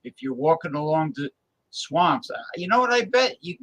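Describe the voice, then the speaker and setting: A man's voice: fairly high pitch, big pitch swings, moderate pace, a bit bright, poor audio. A man from New Jersey hosting a casual talk show, rambling and stalling on many fillers as he hunts for words. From New Jersey, USA. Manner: rambling, full of hesitant fillers. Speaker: host.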